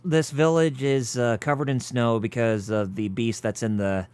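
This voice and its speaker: A man's voice: mid-range voice, fairly even intonation, moderate pace, darkish tone, smooth, dry recording. A man co-hosting a game stream, explaining the story casually as he plays. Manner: explains the story plainly, many fillers. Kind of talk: casual chat while playing a game.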